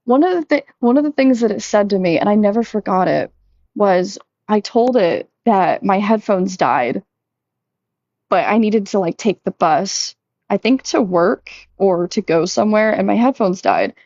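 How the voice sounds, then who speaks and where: A young woman talking casually and candidly to her audience, full of fillers, who jumps up in pitch when she acts out quoted lines. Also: expressive, moderate pace, a little mellow, no echo, muffled recording. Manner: chatty, lots of "like", acts out quotes in a higher voice. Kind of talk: casual confessional chat.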